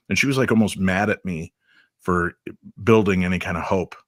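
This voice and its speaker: A middle-aged man, a radio guest, recounting a personal story in a measured, reflective way, with hesitant fillers. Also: low-pitched, fairly even intonation, fairly bright tone, dry recording, studio quality.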